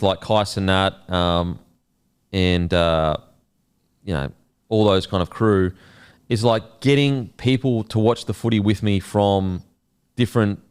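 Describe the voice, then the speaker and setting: A man's voice: on the low side, darkish tone, clear, resonant tone. Laid-back sweary Australian guy. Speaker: podcast host. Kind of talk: casual podcast chat.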